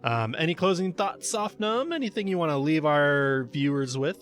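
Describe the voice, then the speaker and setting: A man's voice: on the high side, expressive, moderate pace, a bit bright, soft background music. Chatty male speedrun race commentator. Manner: chatty, jokey, with frequent fillers. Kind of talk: casual livestream commentary.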